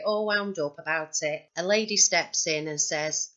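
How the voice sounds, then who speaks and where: A woman's voice: on the low side, fairly even intonation, unhurried, hardly any pauses, fairly bright tone, lo-fi sound. A woman with a Northern English accent, presenting her paranormal recordings in a chatty, wry commentary. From north of England. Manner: chatty and wry, dry humour. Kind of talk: narrated commentary over recorded clips.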